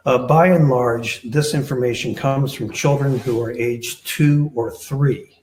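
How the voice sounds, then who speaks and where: A man's voice: mid-range voice, measured pace, darkish tone, a little hiss or hum. A man answering questions on a panel as a researcher, talking hesitantly with many filler sounds. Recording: echoey room.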